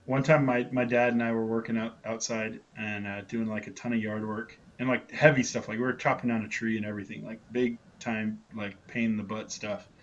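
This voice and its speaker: A man's voice: lowish voice, level tone, a little fast, hardly any pauses, muffled recording. A man co-hosting a casual chat show, telling rambling anecdotes and laughing often. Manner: laughs a lot, rambling anecdotes with loud impressions. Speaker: podcast co-host.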